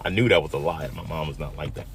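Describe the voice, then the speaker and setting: A man in his fifties from Detroit tells a personal story in an emotional, dramatic way, dropping to a hush and then rising loud. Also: very deep voice, fast, a little hiss or hum. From Detroit, USA. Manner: emotional, dramatic retelling that swings from hushed to loud.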